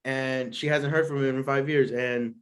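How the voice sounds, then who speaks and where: A man's voice: medium pitch, level tone, moderate pace, fairly bright tone. A young man hosting his own podcast, telling a story in a rambling, slangy way with lots of fillers and frequent laughs. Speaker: podcast host. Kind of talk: casual storytelling.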